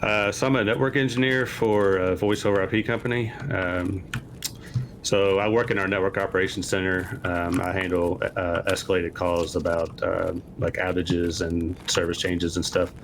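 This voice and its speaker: Deep-voiced man from Kentucky, hesitant. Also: moderate pace, a little hiss or hum. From Kentucky, USA. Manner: relaxed, hesitant, many fillers and restarts. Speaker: guest player. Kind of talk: casual gaming chat.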